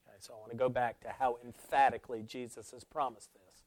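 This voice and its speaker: A man preaching a sermon, moving from loud emphatic declarations to hushed, near-whispered lines. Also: medium pitch, little pitch movement, quick pace, dry recording.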